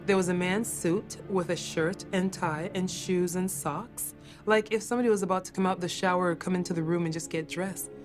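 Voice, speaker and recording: A woman's voice: lowish voice, steady tone, brisk, faint music behind. A woman who works as a caregiver, earnestly recounting a ghost encounter and repeating herself for emphasis.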